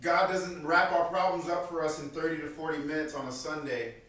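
High-voiced man preaching in an echoey room. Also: fairly even intonation, brisk, fairly bright tone. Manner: repeats key lines for emphasis; earnest, conversational preaching. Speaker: pastor. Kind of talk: sermon. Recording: very echoey room, mic at a distance.

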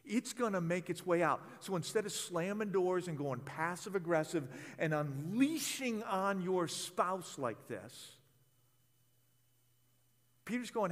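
A man's voice: high-pitched, expressive, takes it slowly, long reverb tail. A man preaching a sermon in an impassioned, conversational way, often repeating words as he speaks. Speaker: pastor.

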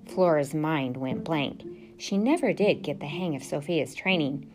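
A woman with a low voice reads a children's storybook with expressive, steady narration. Music plays clearly behind her. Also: a little slow.

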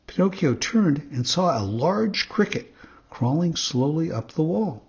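A man narrating a children's story in a steady, measured way, with a husky voice, on a dull recording. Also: mid-range voice. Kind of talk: scripted narration.

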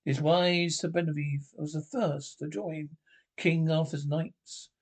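A man narrates while reading a comedy film script aloud. He uses an even storyteller's delivery, and his voice sits somewhat high for a man. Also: slow. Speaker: reader performing a film script.

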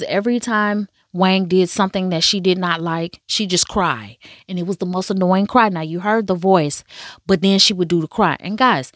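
A woman in a casual, animated chat reviewing a drama series, telling the story with slang and asides. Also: on the low side, no room sound, clean studio sound.

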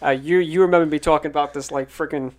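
A man's voice: fairly high pitch, fairly even intonation, fast. A man who is a filmmaker and podcast guest, chatting casually in a rambling way full of fillers and restarts. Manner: rambling, filler-heavy, laughs often. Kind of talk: casual chat.

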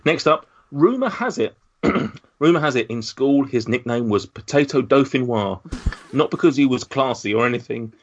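A man's voice: mid-range voice, expressive, normal speed. A man hosting a casual podcast, giving jokey, teasing introductions of his guests. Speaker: podcast host. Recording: dull lo-fi recording.

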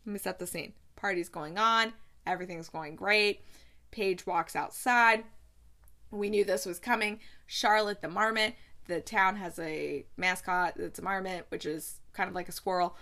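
A woman's voice: medium pitch, pushed and bright. Chatty woman gushing over a movie. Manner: gushing, chatty, laughs often while retelling scenes. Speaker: movie review host. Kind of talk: casual movie recap.

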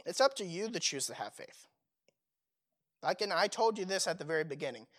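A man's voice: high-pitched, sing-song, brisk, a bit bright. A young man preaching a sermon in a casual, conversational way, full of fillers and rhetorical questions.

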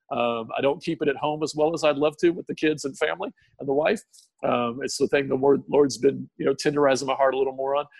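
A man giving an emotional personal testimony in a podcast interview, tearful, earnest and halting, with many restarts. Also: a little high, vocal fry, husky, no echo. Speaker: guest sharing testimony.

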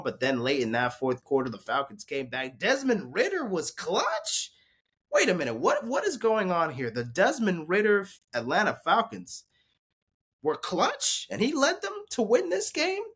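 A man talks through the week's games in a loose, rambling recap, swearing freely and jumping between topics. His pitch swings widely, climbing high when he gets excited and sinking low when he grumbles. It sounds like an amateur fan show. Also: husky. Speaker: sports podcast host. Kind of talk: casual sports recap and live reactions.

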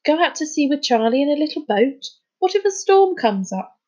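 A woman's voice: high-pitched, big pitch swings, normal speed, warm tone, lo-fi sound, pitched above the performer's own voice. A woman reading a storybook, voicing a cautious young girl who frets and scolds. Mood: worried. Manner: fretful, scolding.

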